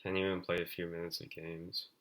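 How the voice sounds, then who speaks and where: A man's voice: low voice, level tone, brisk, a bit bright. A man streaming a game, reading its text aloud and commenting in a rambling way, full of filler words.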